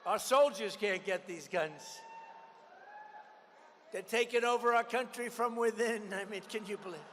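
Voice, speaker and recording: Older male candidate, high-pitched and forceful, combative, repetitive rally delivery, big reverberant venue. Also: a little slow. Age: 70s. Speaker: political candidate. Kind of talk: campaign rally speech. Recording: long arena reverb, faint background noise.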